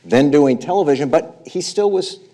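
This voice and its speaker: A man's voice: fairly high pitch, animated, moderate pace, mellow. A man interviewing a guest on stage, reflective as he leads him into each story.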